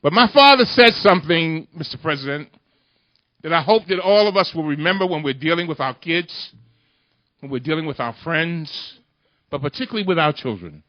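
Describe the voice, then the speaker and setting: Addressing a union audience, this man gives a fiery speech in a fairly high, expressive voice at a moderate pace. He uses a forceful, oratorical rhythm and repeats lines for emphasis, captured in a muffled lo-fi recording.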